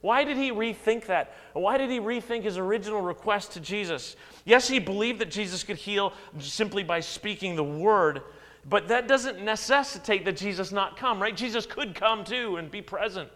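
Male pastor, mid-high voice, dramatic sermon delivery, echoing hall. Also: normal speed. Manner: animated preaching with dramatic swings in pitch and volume, acted-out quotes.

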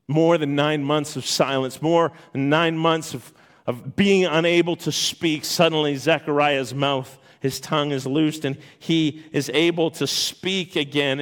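A man delivers a sermon to his congregation, retelling a scripture story in a lively, emphatic way. His voice sits a little high for a man, and he often repeats and restarts words as he builds his point. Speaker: pastor.

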